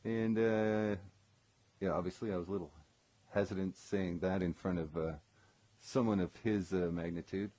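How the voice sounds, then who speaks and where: A man's voice: low voice, steady tone, normal speed, warm tone, no echo. A man, a former session guitarist, telling a personal story in a casual live stream, rambling with lots of ums and self-corrections.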